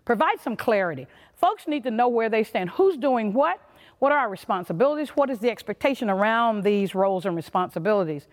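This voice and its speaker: A woman's voice: fairly high pitch, animated, fairly quick, long reverb tail. A woman giving a motivational leadership talk in an emphatic, punchy way. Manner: emphatic, punchy, acts out little quoted voices. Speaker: motivational conference speaker.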